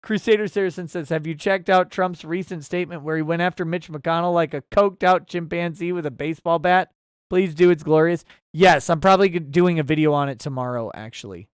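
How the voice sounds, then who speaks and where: A man's voice: a little high, fairly quick, clear, resonant tone, no room sound, clean studio sound. A man hosting a casual livestream talk show and reading viewer messages aloud with sarcasm and mock outrage.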